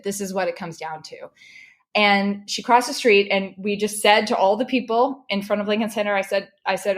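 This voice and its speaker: A woman guest telling a personal story in animated, emotional conversation, often restarting her sentences. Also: medium pitch, fairly quick. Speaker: podcast guest.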